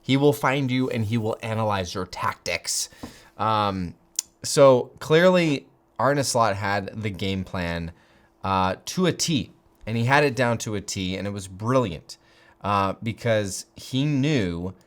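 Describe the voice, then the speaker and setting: Excitable man with a lively, swooping voice. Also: fairly low pitch, slow. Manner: excitable, gushing, jokey, laughs often. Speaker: football fan channel host. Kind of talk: excited fan commentary to camera.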